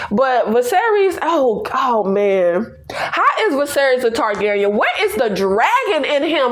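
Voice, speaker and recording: High voiced woman doing a tv recap, swoops all over, laughs a lot, slangy and playful. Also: fairly bright tone. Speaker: TV recap reviewer. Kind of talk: casual review chat.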